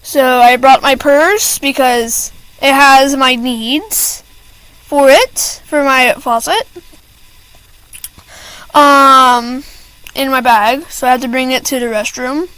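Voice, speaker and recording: Teen girl vlogger, high voice, slow unhurried delivery, chatty and rambling, keeps apologizing mid-story. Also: a bit bright, clear, resonant tone, dry recording, rough recording. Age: teens. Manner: rambling with many fillers and restarts; apologetic asides. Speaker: student venting to camera. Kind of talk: casual rant.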